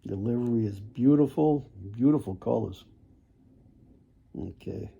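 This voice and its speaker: A man selling toy cars in a casual video, with folksy sales patter, repeated words and frequent throat clearing. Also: medium pitch, measured pace, phone-quality sound. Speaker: toy car seller.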